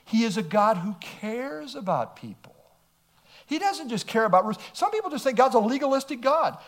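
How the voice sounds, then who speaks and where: A man's voice: extremely high pitch, very animated, moderate pace. A male pastor preaching an emphatic sermon, reading scripture aloud and asking rhetorical questions.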